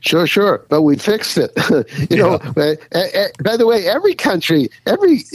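A man's voice: high-pitched, very animated, normal speed, husky, no room sound, poor audio. A man interviewed as an author, answering at length with lots of fillers and restarts. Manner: rambling, many fillers and restarts, chuckles. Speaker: author and guest.

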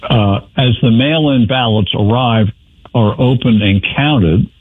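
A man's voice: medium pitch, takes it slowly, no room sound. A man giving blunt, wry political commentary on a talk radio show. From New York. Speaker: guest commentator. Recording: tinny phone line.

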